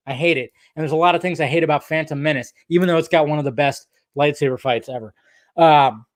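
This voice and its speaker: Man, casual podcast chat, slightly high voice, rambling, swears, lots of ums. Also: no echo, studio quality. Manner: rambling, profane, lots of fillers and restarts. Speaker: film commentary host.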